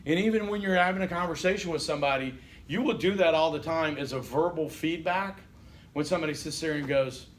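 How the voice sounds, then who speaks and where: A man with a drawl gives a lively classroom lecture, joking with his students and checking in with them. His voice sits a little high. A faint hum of noise runs under it in the classroom. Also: a little fast. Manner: animated, joking, keeps checking in with "okay?". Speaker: college instructor.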